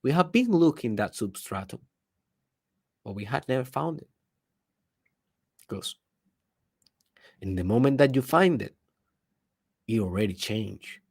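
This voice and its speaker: A man's voice: medium pitch, animated, measured pace, creaky, long pauses. Emphatic man giving a motivational talk. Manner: emphatic, swings between loud bursts and hushed asides; rhetorical questions to the listener. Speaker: podcast host, personal development speaker. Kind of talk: motivational monologue.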